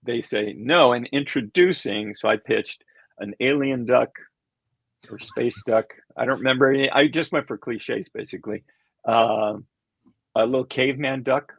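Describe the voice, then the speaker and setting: Gravelly older man telling stories. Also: medium pitch, moderate pace, dry recording. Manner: rambling, chuckling, acts out quoted voices. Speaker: animation creator, interview guest. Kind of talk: casual anecdotal storytelling. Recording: dull lo-fi sound.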